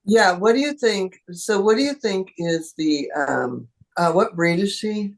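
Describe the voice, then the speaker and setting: A woman guest in an interview, an animal communicator talking in a lively way and acting out what animals think. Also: medium pitch, measured pace, gravelly. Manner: animated, acts out animal thoughts in voices. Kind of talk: conversational interview.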